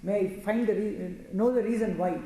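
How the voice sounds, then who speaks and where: A woman's voice: mid-range voice, moderate pace, dark tone. A woman telling a devotional scripture story, chanting verses and explaining them line by line with many restarts. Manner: recites Sanskrit verses then explains them, with frequent restarts. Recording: very echoey room with faint noise.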